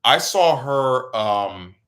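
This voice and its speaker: A man's voice: medium pitch, drawn-out words. A man hosting a podcast, telling a rambling story in casual chat, with his voice jumping up when he gets worked up. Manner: rambling, animated, voice jumps up when excited. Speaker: podcast host.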